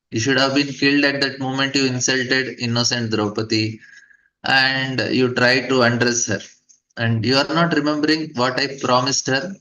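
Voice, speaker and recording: A man's voice: medium pitch, pushed and bright, lightly acted. A man in a scripture class voicing the words of a stern but compassionate god who rebukes a fallen king. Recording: dull lo-fi recording.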